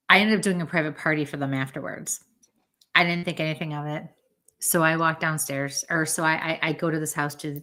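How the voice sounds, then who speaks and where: A woman with a low, deep-set voice talks casually as a podcast guest. She is chatty and fills the story with little acted-out quotes, slipping into other people's voices as she goes. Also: a bit bright. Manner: chatty, acts out quoted dialogue. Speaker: psychic medium guest.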